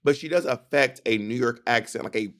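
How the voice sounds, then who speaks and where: A man in the middle of a casual recap chat, his voice sitting at an everyday middle pitch. He lays out plots at length and argues his points with sassy emphasis. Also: a little fast, a bit bright. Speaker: podcast co-host.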